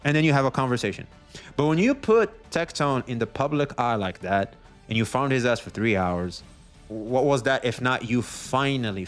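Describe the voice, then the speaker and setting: Animated, profane male streamer ranting. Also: mid-range voice. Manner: animated, profane, acts out others in quoted voices. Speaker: streamer commenting on drama. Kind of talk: casual commentary rant.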